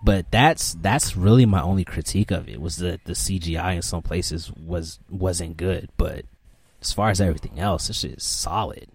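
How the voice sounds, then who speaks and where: A young man co-hosting a podcast in casual chat, relaxed and profane as he recounts reactions. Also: low-pitched, moderate pace, husky. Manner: relaxed, profane, laid-back storytelling. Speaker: podcast co-host.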